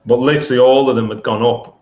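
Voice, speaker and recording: A male guest chatting casually on a live stream, relaxed and a little hesitant. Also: mid-range voice, fast. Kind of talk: casual chat. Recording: echoey, dull remote audio.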